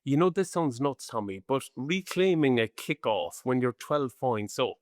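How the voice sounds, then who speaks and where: An Irish man in his forties co-hosting a rugby podcast, talking in an animated, rambling, chatty way. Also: medium pitch, measured pace, no echo, studio quality. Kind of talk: casual chat.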